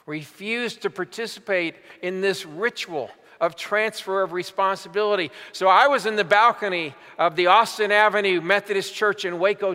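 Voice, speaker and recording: An older man preaching a sermon as pastor, telling stories emphatically and slowing down for weight. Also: high voice, sharp tone. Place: large church sanctuary. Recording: long hall reverb.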